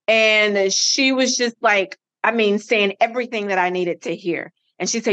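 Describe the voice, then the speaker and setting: A middle-aged woman, a podcast guest, telling a personal story with lively acted-out dialogue. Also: mid-range voice, moderate pace, hardly any pauses, smooth, lo-fi sound. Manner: animated, acts out quoted dialogue.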